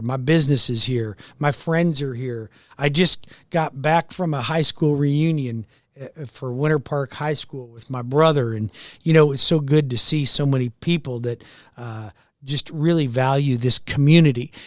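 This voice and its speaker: An older American man hosts a talk radio show, speaking earnestly and folksily and repeating his phrases. His voice sits at an everyday middle pitch. The studio mic sounds dry and close, with no room echo. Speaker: radio show host and mortgage lender. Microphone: studio microphone.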